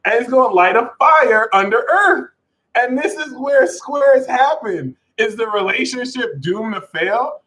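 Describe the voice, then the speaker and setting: Male astrology streamer, high-pitched, animated, cussing, jokey. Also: measured pace, rough recording. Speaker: astrology reader. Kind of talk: live astrology stream talk.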